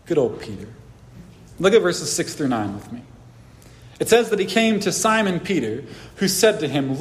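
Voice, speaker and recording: Pastor preaching, casual and animated, higher male voice, echoey church hall. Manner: casual, animated storytelling with many restarts. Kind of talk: sermon. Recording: echoey hall, faint background hiss.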